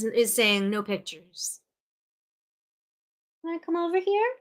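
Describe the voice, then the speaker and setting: Bright-voiced woman livestream host. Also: fairly low pitch. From New Jersey. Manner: chatty, animated storytelling with playful indignation. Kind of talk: casual chat.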